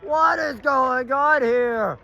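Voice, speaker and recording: A man giving excited amateur play-by-play from the sideline of an outdoor stadium field, shouting at big plays and calling out to players and the referee. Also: very high voice, takes it slowly, creaky, muffled recording, a faint crowd. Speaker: sideline commentator filming the match.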